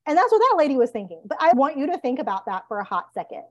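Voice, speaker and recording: Fired-up woman with a higher voice. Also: quick pace, no room sound, dull audio. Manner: fired-up, animated ranting. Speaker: podcast co-host, business coach. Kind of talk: casual podcast chat.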